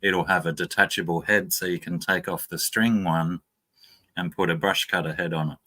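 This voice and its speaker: A man's voice: low-pitched, steady tone, moderate pace, pushed and bright. A man joining a livestream chat, casual with a dry, wry sense of humor.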